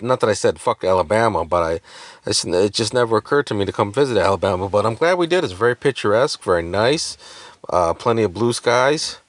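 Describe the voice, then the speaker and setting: A man's voice: lowish voice, a bit bright, no echo. A man rambling through a casual podcast chat, joking and full of fillers. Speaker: podcast co-host.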